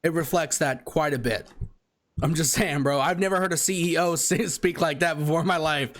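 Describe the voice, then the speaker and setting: Male co-host from Texas, quick-fire blunt opinions, slightly high pitch. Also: a bit bright. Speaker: podcast co-host. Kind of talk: casual sports podcast chat.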